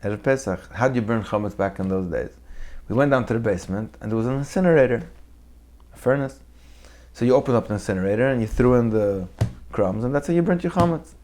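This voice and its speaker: Male teacher, mid-pitched, lively storytelling sermon; acts out characters. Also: fast. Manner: animated storyteller who acts out the people in his tales. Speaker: Torah teacher. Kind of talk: weekly Torah talk with storytelling.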